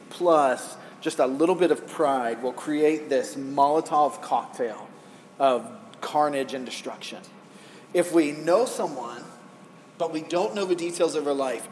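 A middle-aged male pastor preaches in a loose, animated way, spinning personal stories and tossing questions to the room. His stage mic carries a long reverb tail from a large hall. A faint hum of background noise sits underneath. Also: medium pitch. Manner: animated, storytelling, rhetorical questions to the crowd. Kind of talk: conversational sermon.

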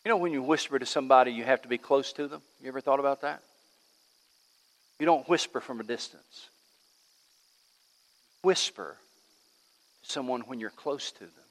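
A man preaching a sermon as pastor in a church, swinging between loud emphatic lines and hushed ones. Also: medium pitch, normal speed, long pauses. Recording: long reverb of a large hall.

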